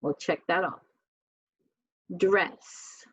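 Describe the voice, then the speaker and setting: A woman teacher talks through a spelling lesson at a very slow, deliberate pace, sounding out each letter. Her voice is dry and close, with a dull, muffled lo-fi quality to the recording. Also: fairly low pitch, husky, no echo.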